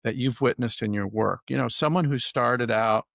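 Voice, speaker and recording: Gravelly-voiced male podcast host. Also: mid-range voice, normal speed, fairly bright tone, no echo, clean studio sound. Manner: conversational, asks long questions. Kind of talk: podcast interview.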